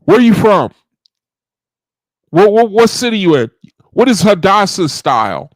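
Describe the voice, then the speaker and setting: A man hosts a study group livestream from his computer, slow and unhurried, his fairly high voice swinging up and down. He chats with viewers, repeating his questions. The sound is dry and close. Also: big pitch swings, dry recording. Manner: repeats phrases, asks the chat questions. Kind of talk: casual livestream talk with chat.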